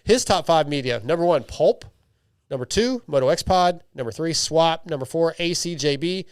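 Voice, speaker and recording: A man's voice: on the high side, expressive, normal speed, clean tone, no echo, studio quality. Loose-talking male podcast host. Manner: loose, joking, many restarts. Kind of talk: casual chat, reading listener emails.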